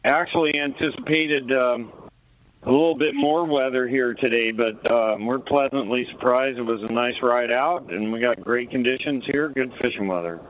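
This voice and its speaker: A man, a boat captain, calling in to a radio show with a relaxed, plain-spoken report. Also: medium pitch, moderate pace. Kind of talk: live report by phone. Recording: tinny phone line with faint noise.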